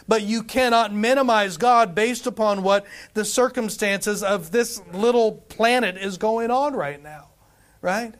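A male pastor with a notably high voice preaches with fervor. He repeats his points for emphasis, stumbles into restarts, and keeps calling out to his congregation. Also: a bit bright. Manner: calls out to the congregation for responses. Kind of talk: sermon.

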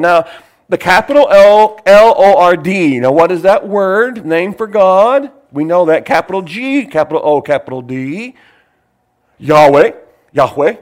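Older man, pastor, fairly high voice, folksy sermon, rambling asides. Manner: folksy, digressive, laughs while preaching.

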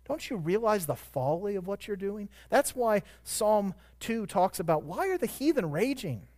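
A man preaching a sermon as pastor, shifting between quiet reflection and loud, emphatic peaks. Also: high voice, sing-song, normal speed.

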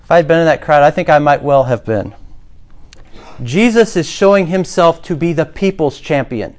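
Male pastor with a slightly high voice, preaching a sermon with dramatic storytelling. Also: animated, moderate pace.

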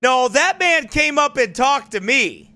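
A man's voice: very high voice, expressive, measured pace, pushed and bright. A male pastor preaching in a combative, mocking, emphatic way. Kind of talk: fiery preaching broadcast.

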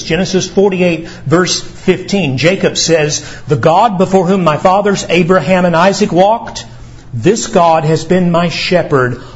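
A male pastor preaching slowly and deliberately, his voice sitting a little high. His earnest delivery lifts on questions. The recording is dull and lo-fi. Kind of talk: sermon.

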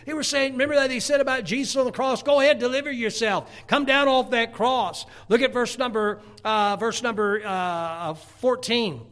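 A man with a high-pitched voice preaching a sermon. He reads scripture aloud and moves between forceful, emphatic preaching and quiet, near-whispered passages. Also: moderate pace, hardly any pauses.

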